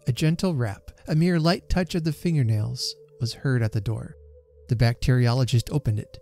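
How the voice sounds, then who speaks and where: Warm-voiced male storyteller. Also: mid-range voice, lively intonation, a little slow, faint music behind. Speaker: reader and channel host. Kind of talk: storytelling reading.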